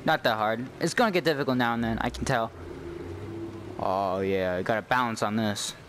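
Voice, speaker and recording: A young man giving let's-play commentary on a game he has waited for, excitable and cheering on his character. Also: medium pitch, moderate pace, background noise. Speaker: YouTube gamer.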